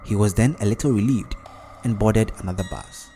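A man narrating a story in a measured, even delivery. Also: lowish voice, soft background music. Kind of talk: storybook narration with character voices.

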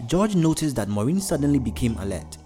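Male narrator reading a story, steady and even, faint music behind. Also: medium pitch, a little fast.

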